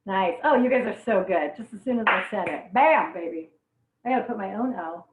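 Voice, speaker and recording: A young woman with a mid-range voice speaks a little fast while teaching a live online cooking class, her eyes watering from onions as she chats, laughs and exclaims frequently. There's background noise, and the audio is echoey, distant and phone-like.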